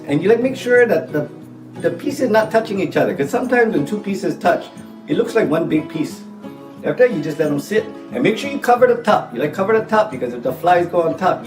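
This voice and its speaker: A man's voice: high-pitched, lively intonation, fast talker, reverberant, far from the mic, over music. A man putting on a heavy Hawaiian Pidgin accent for a joking recipe video, chatty and playful. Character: exaggerated laid-back island guy, male adult. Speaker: home cook in a recipe video.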